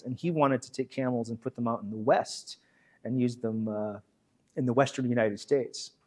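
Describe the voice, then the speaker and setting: A man's voice: medium pitch, darkish tone. A man giving a chatty history talk as guest speaker, repeating himself and acting out quotes. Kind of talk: history lecture.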